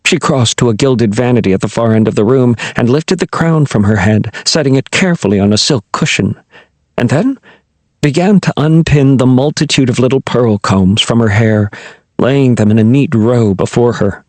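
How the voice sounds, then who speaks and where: A man narrating a children's fantasy audiobook in an expressive, storytelling style. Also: medium pitch, normal speed, no echo.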